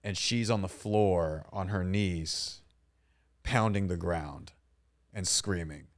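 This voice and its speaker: A young man co-hosts a podcast in casual chat, telling stories bluntly and with plenty of profanity. He speaks slowly in a deep voice.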